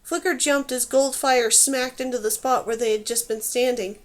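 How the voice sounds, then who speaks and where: A woman reading a fantasy novel aloud in steady, clear scripted narration. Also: high-pitched, normal speed, hardly any pauses. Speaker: audiobook reader.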